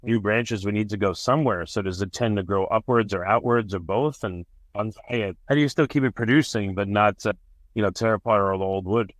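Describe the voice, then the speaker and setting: A man's voice: lowish voice, brisk, dry recording. A man hosting an interview, asking long curious questions that ramble and restart. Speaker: podcast host.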